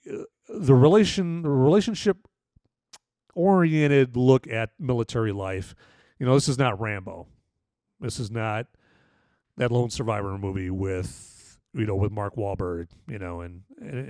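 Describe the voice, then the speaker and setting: A man's voice: medium pitch, darkish tone, no echo, studio quality. A man hosting a podcast and casually reviewing a film, rambling with many restarts. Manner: rambling, full of "you know" and restarts. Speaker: podcast host and movie reviewer.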